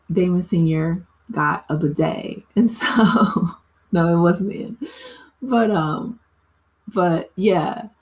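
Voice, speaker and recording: A woman casually recapping a TV episode for her channel, talking in a loose way with lots of "you know" and "like" and frequent laughs. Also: low voice. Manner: chatty, filler-heavy with frequent "you know" and "like"; laughs often while talking.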